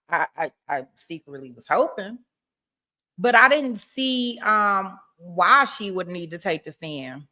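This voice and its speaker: A woman's voice: mid-range voice, pushed and bright. A woman hosting a casual live stream, chatting about a court case and reading viewer comments, laughing often and repeating herself. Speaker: livestream host.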